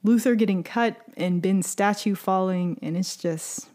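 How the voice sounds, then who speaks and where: A young woman in casual conversation, telling a story with energy and dropping into little voices for each character. Her pitch sits in the middle range for a woman, and she often breaks into laughter as she goes. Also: unhurried, mellow. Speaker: podcast co-host recapping a series. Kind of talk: casual chat.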